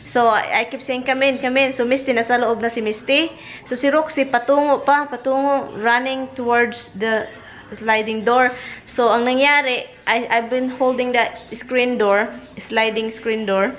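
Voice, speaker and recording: A woman's voice: a little high, steady tone, moderate pace, a bit bright. A woman from the Philippines with a Filipino accent, chatting casually to the camera in a vlog, switching languages and laughing as she tells stories from home. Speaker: vlogger. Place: at home, then in a car.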